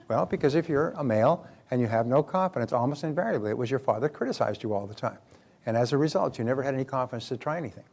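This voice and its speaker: A man's voice: medium pitch, fast, a little mellow. Man from North America, motivational seminar speaker, mid-range voice, anecdotal, repeats key lines, acts out quotes. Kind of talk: seminar talk.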